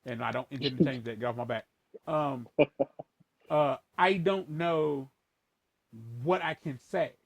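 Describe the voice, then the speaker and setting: A man talking casually and rambling with lots of profanity, shifting between a playful voice and a lower, more formal one. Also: unhurried, vocal fry, pauses often, no echo. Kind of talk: casual chat.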